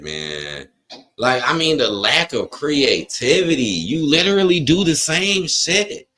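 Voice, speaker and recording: Dude ranting live on stream, voice swings up and down a lot, cussing, reading chat. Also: male voice, medium pitch, expressive, slow, sharp tone. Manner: frustrated, profane ranting, reads chat aloud. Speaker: wrestling watch-along streamer. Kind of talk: live-stream reaction rant.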